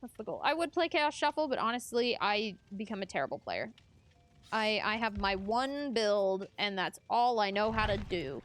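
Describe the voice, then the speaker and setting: A woman's voice: mid-range voice, sing-song, moderate pace, fairly bright tone, soft background music. A young adult woman streamer chatting casually with her chat while gaming, laughing often.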